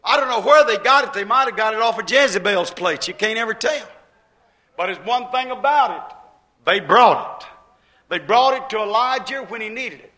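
A man's voice: high voice, expressive, moderate pace, sharp tone, poor audio. A man preaching a sermon in a folksy, emphatic way, repeating his points with plain homespun speech.

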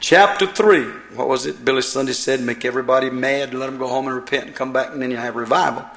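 A middle-aged man preaching a sermon in a church, swinging from loud emphatic declarations to quiet asides. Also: medium pitch, quick pace, vocal fry. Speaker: pastor.

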